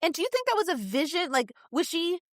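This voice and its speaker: A woman co-hosting a podcast in casual book club chat, thinking out loud about theories with many restarts. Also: very high voice, very animated, fast talker, dry recording, studio quality. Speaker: podcast co-host.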